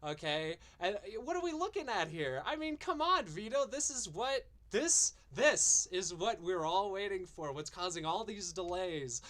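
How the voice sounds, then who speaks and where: A man's voice: high voice, very animated, measured pace, few pauses, a bit bright. A man hosting a stream, ranting in a profane, mocking and exasperated way. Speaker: streamer and show host.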